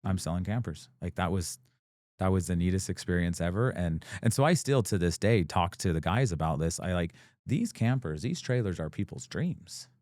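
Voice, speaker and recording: A man's voice: sits low, expressive, normal speed, a little mellow, no room sound, studio quality. A man, a business owner and guest, telling his story in a casual, rambling way with many fillers and acted-out quotes. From United States. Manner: rambling, full of "like" fillers, acts out quoted dialogue.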